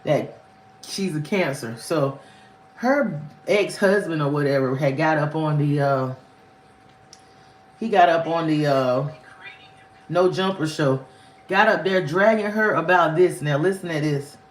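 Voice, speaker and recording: A woman hosting a livestream, telling a story in a candid, rambling way with frequent pitch swings. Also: measured pace, long pauses, reverberant. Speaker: livestream host. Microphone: phone or webcam on a livestream.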